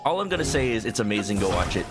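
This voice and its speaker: A man's voice: fairly low pitch, very animated, very fast. A man casually commenting while streaming a video game, playful and joking, rambling with little stammers, with game music behind him.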